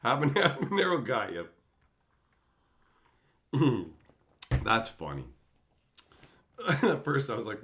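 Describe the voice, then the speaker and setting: Male streamer, profane mock-ranting, lively and bright. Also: medium pitch, normal speed, long pauses. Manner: profane, mock-insulting, laughing. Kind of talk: live-stream rant to chat.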